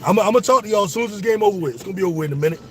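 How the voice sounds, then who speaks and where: Excitable man calling a game live. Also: high voice, very fast. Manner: excitable, profane, talks straight to viewers. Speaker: sports show host. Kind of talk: casual live watch-along commentary.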